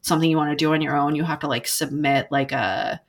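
A woman's voice: sits low, steady tone, fast, vocal fry. A woman who works in video game development, chatting casually and rambling with lots of "like" fillers. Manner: rambling, filler-heavy, frequent "like". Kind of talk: casual chat.

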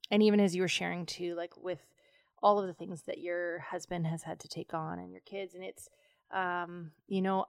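A woman hosts a heartfelt interview in a low, gravelly voice, the sound dry and close. She is reflective and empathetic, pausing often on fillers as she feeds questions back to her guest. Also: no echo. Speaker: podcast host. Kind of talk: conversational interview.

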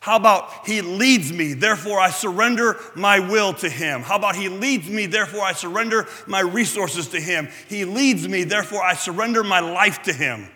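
A pastor with a high, bright voice delivers a sermon at a moderate pace with hardly any pauses, talking with the congregation rather than at them. He keeps asking the room "right?" and slips in playful self-deprecating asides, his words echoing with a long hall reverb.

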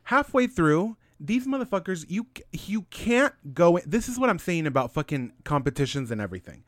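A man's voice: high voice, sing-song, fairly quick, no echo, clean studio sound. A man in his late twenties co-hosting a casual podcast, giddy and joking, swearing a lot. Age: 20s. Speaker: podcast co-host.

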